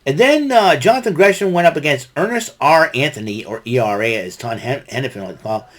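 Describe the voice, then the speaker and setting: A man's voice: mid-range voice, expressive, brisk. Rambling man recapping wrestling. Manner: rambling, many fillers and restarts. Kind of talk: casual solo recap.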